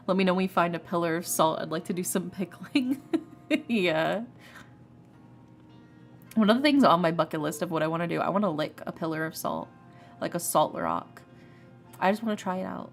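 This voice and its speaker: Young woman streamer with a stuffy nose, lowish gravelly voice, reads game lines then jokes around, faint music behind. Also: normal speed, pauses often. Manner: giggly, joking asides between narrated passages. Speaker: streamer playing a visual novel. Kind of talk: reading game text aloud with casual commentary.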